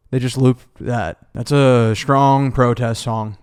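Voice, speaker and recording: A man reacts to songs as they play, chatty and enthusiastic, wondering aloud about what he hears. His voice sits in the middle of the male range. The music runs clearly underneath him the whole time. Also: medium pitch, fairly even intonation, slow pace, a little mellow, no room sound. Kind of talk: casual music reaction commentary. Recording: music playing behind.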